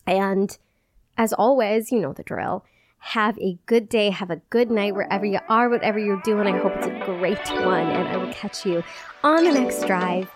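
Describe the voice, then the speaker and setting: A woman's voice: medium pitch, loud music behind the voice. Chatty young-sounding woman podcast host. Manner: chatty, peppered with "like", quick bursts and giggles. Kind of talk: casual solo podcast chat.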